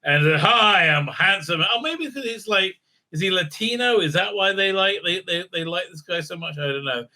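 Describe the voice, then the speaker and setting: A man ranting his way through a TV episode recap, sarcastic and profane, with constant "uh, uh" fillers. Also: brisk. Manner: lively pitch swings for mocking asides. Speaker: show host reviewing a TV episode.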